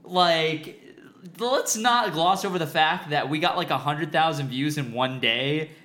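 A man hosting a casual group chat, excitable and quick to laugh. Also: on the high side. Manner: excitable, animated, laughs often. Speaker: show host.

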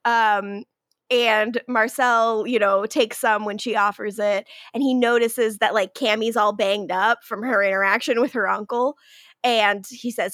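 A woman's voice: a little high, steady tone, fairly bright tone, no echo, studio quality. A young adult woman co-hosting a podcast, recapping a TV episode in casual chat, giggling often and acting out the characters' lines. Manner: giggly, quick recapping with acted-out quotes.

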